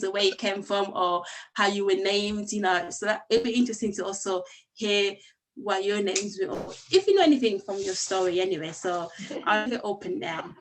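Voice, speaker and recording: A woman's voice: mid-range voice, normal speed. A woman chatting casually on a video call, laughing lightly between her thoughts.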